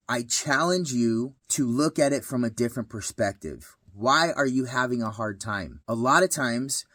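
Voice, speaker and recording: A man's voice: medium pitch, fairly bright tone, dry recording, studio quality. A man in his thirties sharing a personal story and life advice, earnest and heartfelt, repeating phrases for emphasis. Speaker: vlogger giving life advice.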